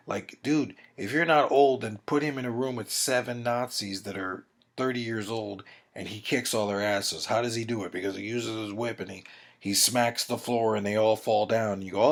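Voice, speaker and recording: A man's voice: lowish voice, normal speed. A man giving a heated, rambling opinion rant, swearing and acting out quotes. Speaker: video commentator.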